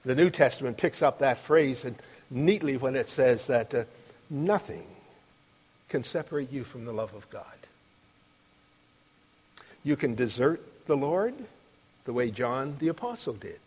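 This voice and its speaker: A middle-aged man preaching a sermon, emphatic, rising to loud declarations on the verses he quotes. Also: medium pitch, lively intonation, measured pace, pauses often, breathy edge. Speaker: pastor. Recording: long reverb of a large hall.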